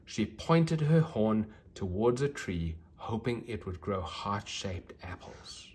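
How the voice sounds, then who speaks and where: A man reading a children's storybook aloud, gentle and expressive. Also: on the low side, takes it slowly.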